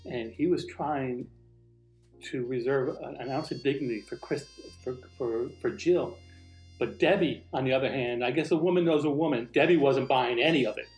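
A man recounting a true personal story in an animated way, acting out the dialogue he quotes. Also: medium pitch, moderate pace, echoey room, soft background music, poor audio.

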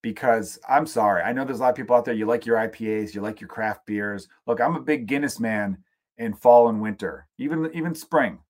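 Profane, ranting American podcast host. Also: male voice, fairly low pitch, a little fast. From United States. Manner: profane, animated ranting with sarcastic asides. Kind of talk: casual solo rant.

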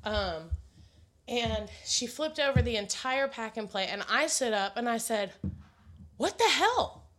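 A mother in her thirties co-hosts a podcast, telling stories in a casual chat. Her voice is a little high and fairly bright, and she speaks unhurriedly. She's blunt and giggly, laughs a lot, and swears freely.

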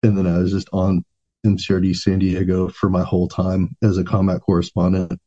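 Man, veteran guest, casual profane storytelling, warm voice, dull lo-fi sound. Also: sits low, monotone, fairly quick. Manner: laid-back, profane, rambling anecdotes. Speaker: podcast guest, Marine veteran.

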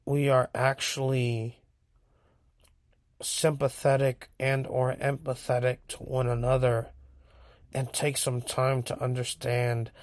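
A man's voice: medium pitch, no echo, clean studio sound. A man from California telling a frank, profane personal story in a casual rambling monologue. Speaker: vlogger.

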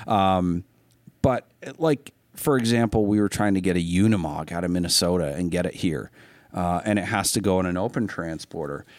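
A man's voice: sits low, no room sound. A man hosting a podcast, telling stories and giving advice in a rambling, casual way. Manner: rambling, many fillers and restarts, storytelling. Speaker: podcast host. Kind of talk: casual chat.

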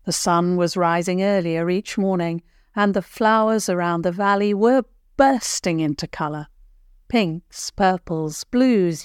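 An older woman narrates a children's story in a gentle, measured way. Her voice sits a little low, and the recording is close and dry. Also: smooth, dry recording.

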